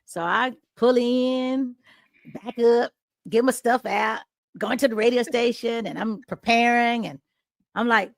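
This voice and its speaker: Middle-aged female radio host recounting a story, does all the voices, somewhat high pitch, dry and close. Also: a little slow, gravelly, dry recording. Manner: acts out quoted dialogue with big pitch jumps. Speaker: radio host and podcast guest. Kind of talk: animated storytelling in an interview.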